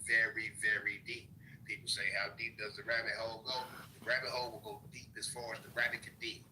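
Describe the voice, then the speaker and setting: Bright-voiced man breaking down a legal text. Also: on the low side, slight background noise, poor audio. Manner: explains loosely, swears, stops to break down each phrase. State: has the hiccups. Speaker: online commentator. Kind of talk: casual monologue reading a legal text.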